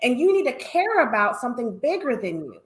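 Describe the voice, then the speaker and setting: A woman's voice: fairly high pitch, very animated, fairly quick, slight background noise. Blunt woman guest in an echoey room. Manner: blunt, emphatic, repeats key lines. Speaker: panel guest. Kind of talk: panel discussion.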